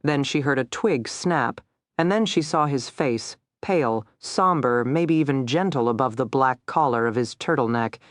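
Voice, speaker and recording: Low-voiced woman narrating a thriller. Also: normal speed, dry recording, clean studio sound. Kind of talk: scripted audiobook narration.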